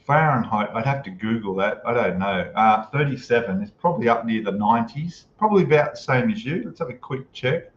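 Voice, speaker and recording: A man's voice: medium pitch, fairly quick, few pauses, roomy sound. Male live-stream host, laid-back chatter, dull lo-fi sound with faint noise. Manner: relaxed, chatty, reads out viewer comments and greets them. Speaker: livestream host. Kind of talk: casual live-stream chat. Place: home room, in Thailand.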